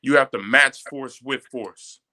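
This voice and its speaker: Man, bright tense voice, emphatic storyteller who moralizes. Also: medium pitch, measured pace. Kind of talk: casual discussion.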